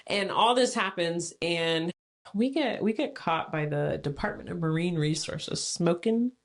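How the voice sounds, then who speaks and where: A woman, a podcast guest, telling stories from her life in a casual, animated way, often laughing and acting out the voices of others. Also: on the low side, measured pace. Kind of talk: casual storytelling.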